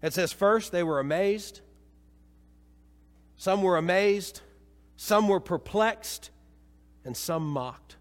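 A man preaching a sermon as pastor, swinging from emphatic peaks to quiet low passages. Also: slow pace, long pauses. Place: church sanctuary. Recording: long reverb of a church hall.

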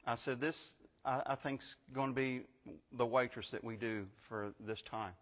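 A man's voice: mid-range voice, fairly even intonation, measured pace, a bit bright, in a large hall. An older man giving a sermon as guest pastor, telling a story conversationally and building to emphatic preaching. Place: church sanctuary.

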